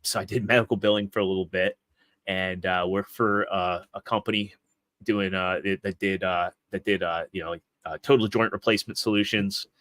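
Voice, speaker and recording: Low-voiced rambling male podcast guest. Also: fairly even intonation, a little fast, fairly bright tone, no echo. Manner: rambling storyteller with frequent restarts. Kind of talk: casual interview chat.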